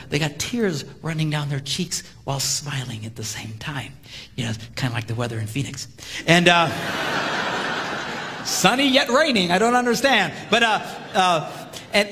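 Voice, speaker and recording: A man giving a humorous sermon-style seminar talk, telling stories animatedly and jumping into high voices for quotes. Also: a bit bright. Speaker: marriage seminar speaker. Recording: live hall with long reverb, faint ambience.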